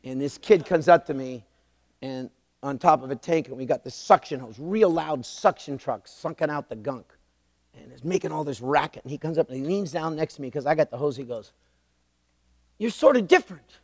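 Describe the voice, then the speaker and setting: A man's voice: medium pitch, a little fast, no echo, clean studio sound, in a large hall. A man in his sixties preaching a sermon, telling stories with emphatic repetition. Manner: animated storytelling, emphatic repetition. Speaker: pastor.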